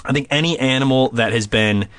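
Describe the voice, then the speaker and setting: A man in his thirties, a podcast guest, telling a story in casual chat, animated and swearing freely. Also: medium pitch, a little fast, dry recording.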